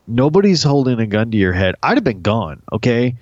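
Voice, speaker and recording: Man, podcast co-host, crude and lively, mid-pitched, dry and slightly muffled audio. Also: fairly quick, no room sound. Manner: animated, crude and joking. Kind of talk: casual TV recap chat.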